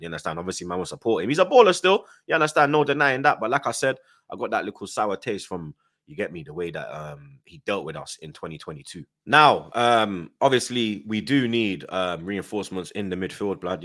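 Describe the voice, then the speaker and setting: Guy with a really low voice, slangy football fan talk, dry close sound. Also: a bit bright, dry recording. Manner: slangy, ends phrases with "blood, you get me". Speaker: football fan channel host. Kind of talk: casual transfer-news commentary.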